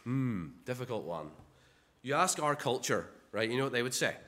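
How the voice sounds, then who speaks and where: A man's voice: medium pitch, animated, normal speed, fairly bright tone. A man preaching a sermon in a conversational way, often repeating words and asking rhetorical questions.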